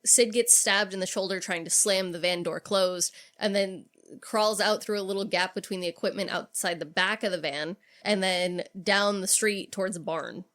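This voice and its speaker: A woman's voice: mid-range voice, fairly even intonation, normal speed, fairly bright tone. A woman co-hosting a podcast, casually retelling a horror movie scene by scene, with frequent swearing and acted-out quotes. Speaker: podcast co-host. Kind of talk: casual movie recap chat.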